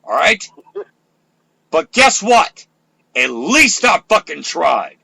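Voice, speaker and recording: An older man hosting an internet radio talk show, ranting loudly and profanely with fiery energy. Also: a little high, very animated, slow, gravelly, husky, no echo.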